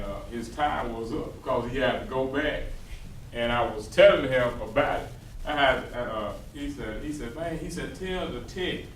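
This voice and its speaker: A man with a Southern US accent, a youth pastor, telling a story to a group in a halting way full of fillers. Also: mid-range voice, recorded from a distance, a little hiss or hum. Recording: echoey room from off-mic.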